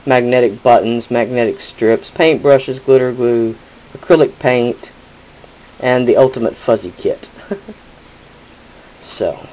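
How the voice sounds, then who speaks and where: A man's voice: mid-range voice, takes it slowly, pauses often, a little mellow, poor audio. Chatty man demonstrating crafts. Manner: chatty, rambling with self-corrections. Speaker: crafting tutorial host. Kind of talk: casual demonstration.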